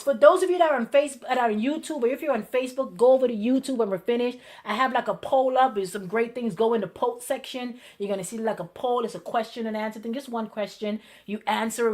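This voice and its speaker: Hosting her own show, a woman pastor delivers a conversational sermon in a fairly high voice. She's lively and repetitive, acting out the people she quotes.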